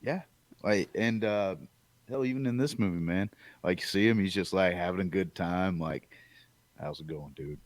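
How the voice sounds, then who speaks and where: Deep voiced podcast dude, chill and easygoing, dry close sound. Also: male voice, normal speed, dry recording. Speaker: podcast co-host. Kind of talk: casual chat.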